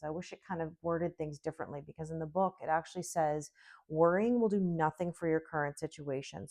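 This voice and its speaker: Chatty, low-pitched woman reading tarot. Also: darkish tone. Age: middle-aged. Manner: chatty, reassuring, often asks "okay?" and "right?". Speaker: tarot reader. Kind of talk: casual tarot reading to camera.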